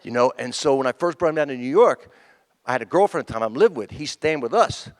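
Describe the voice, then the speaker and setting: A man's voice: medium pitch, fast. A man in his fifties, a comedian telling rambling stand-up stories at a memorial tribute on a stage, acting out the people in them. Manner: rambling, animated, acts out quoted voices. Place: stage in front of a live audience.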